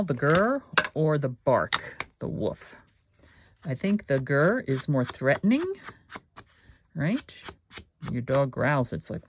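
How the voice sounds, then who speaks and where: A woman's voice: extremely low pitch, a little hiss or hum. A woman hosting a crafting video, chatting and thinking aloud with rambling asides while she works. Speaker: crafting channel host.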